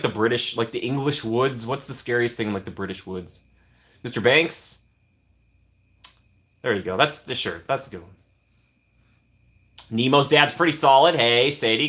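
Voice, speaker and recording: A man's voice: mid-range voice, pushed and bright. A young man casually chatting on a live stream, reading and answering viewer comments with playful teasing.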